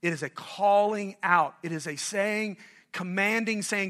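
In a high voice and at a measured pace, a middle-aged man from North Carolina preaches as pastor. He keeps things animated and chatty, asking the congregation questions and trading jokes with them.

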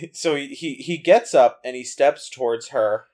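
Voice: medium pitch, a little slow, a little mellow. A co-host in casual chat about a TV episode, talking thoughtfully with many hesitations. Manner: thoughtful, hesitant, full of ums. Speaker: podcast co-host.

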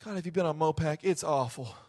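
A man's voice: fairly high pitch, fast talker, darkish tone, no room sound, voice pushed down, natural voice. A man voicing a grumbling everyday churchgoer who whines about small things. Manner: whiny, complaining. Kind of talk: sermon.

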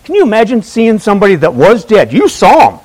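A man's voice: sits high, huge pitch swings, brisk, darkish tone, breathy edge, rough recording. A man preaching an Easter sermon in a conversational way, asking the congregation questions and telling a funny personal story. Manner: tells a personal story with humor.

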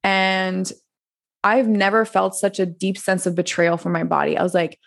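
A woman's voice: medium pitch, moderate pace, vocal fry. Woman in her twenties rambling through her life story on a podcast, laughs a lot, keeps restarting. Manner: rambling, animated, laughs often, many restarts. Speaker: podcast guest, coach. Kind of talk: casual interview storytelling.

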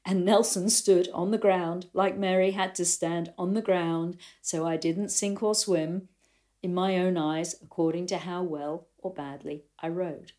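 An older woman, a riding coach, giving a reflective talk to riders and telling stories in a thoughtful way. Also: lowish voice. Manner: thoughtful, storytelling, animated quotes.

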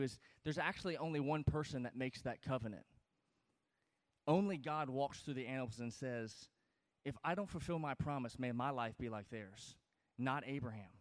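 Emphatic man preaching, slightly high voice. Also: long reverb tail. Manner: emphatic, conversational, with frequent check-ins to listeners. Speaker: pastor teaching a Bible study. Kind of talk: expository sermon.

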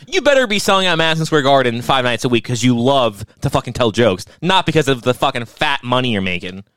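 A man's voice: mid-range voice, fast, hardly any pauses, clean tone, no room sound, studio quality. A man co-hosting a podcast in crude, casual chat, often mocking people with put-on voices. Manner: animated, mocking impressions, profane. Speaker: podcast co-host.

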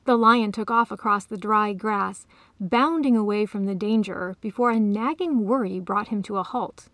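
A woman author reading her own short story aloud in a calm, even storytelling manner. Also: medium pitch, normal speed, dry recording. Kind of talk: storybook narration.

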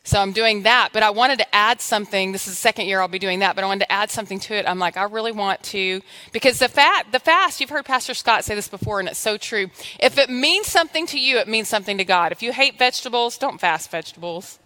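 A woman's voice: medium pitch, expressive, fast talker, hardly any pauses, sharp tone. A woman pastor giving a conversational, humorous sermon in church, exhorting her congregation.

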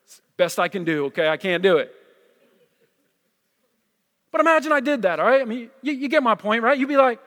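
A pastor from New with a fairly high voice, preaching in a casual, conversational way. He repeats himself and keeps asking "right?" to draw the room in. His voice rings out with a long, echoing reverb. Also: expressive, a little fast, pauses often, a bit bright. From New Jersey. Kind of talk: sermon. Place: church hall.

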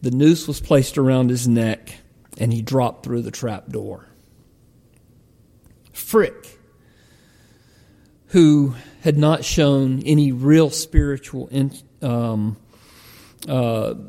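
A male preacher tells a story in a sermon, slowly and with a mellow, warm tone. He halts often with fillers. A long reverb trails his voice through a large hall. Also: medium pitch, gravelly. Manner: halting, many ums and uhs.

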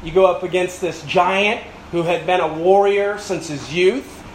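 A man's voice: high-pitched, steady tone, measured pace, echoey room, a little hiss or hum, poor audio. A male pastor preaching a sermon with emphatic, building repetition and rhetorical questions.

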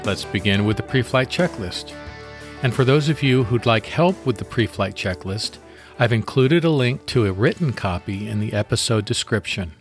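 A man hosting a devotional podcast, leading a guided meditation and prayer in a calm, measured, deliberate way. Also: on the low side, soft background music.

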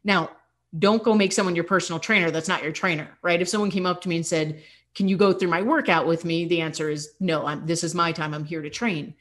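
A woman's voice: on the low side, steady tone, quick pace, a bit bright. A young adult woman fitness coach hosting a podcast, talking candidly and encouragingly, with laughs slipping in. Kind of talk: casual motivational podcast talk.

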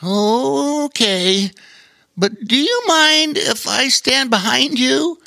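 A man's voice: very high voice, extremely slow, vocal fry, bright, forceful tone, no room sound, studio quality, voice pushed up, heavily acted. A man voicing a small, timid male otter in a children's story, nervous and stammering. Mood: worried. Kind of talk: storybook character voice.

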